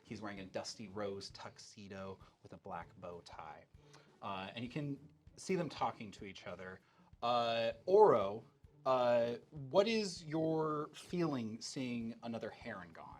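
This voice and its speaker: A man game master describing scenes for his players. He talks in a relaxed, unhurried way with many fillers. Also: mid-range voice. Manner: relaxed, filler-heavy narration. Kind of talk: narrating a tabletop game.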